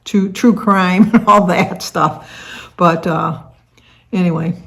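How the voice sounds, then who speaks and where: A woman's voice: on the low side, fairly even intonation, slow, gravelly, a bit bright. An older woman from the Detroit area, United States, chatting casually to camera as a vlogger, rambling with lots of fillers and restarts. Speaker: vlogger hosting a tag video.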